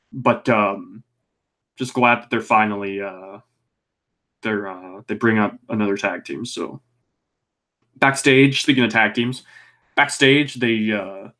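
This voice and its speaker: A young man talks his way through a weekly wrestling review in a loose, unscripted podcast style. He pauses on filler words, corrects himself mid-sentence and tosses in the occasional swear. His voice sits at an ordinary middle pitch for a man. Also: bright, forceful tone. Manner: rambling, frequent ums and restarts, swearing. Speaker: podcast co-host.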